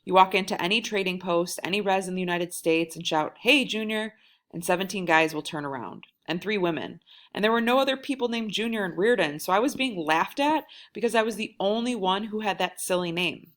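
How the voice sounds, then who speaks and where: A woman reading a novel aloud in a wry first-person storytelling manner, lively when voicing the quoted lines. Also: mid-range voice, fairly quick. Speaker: audiobook reader.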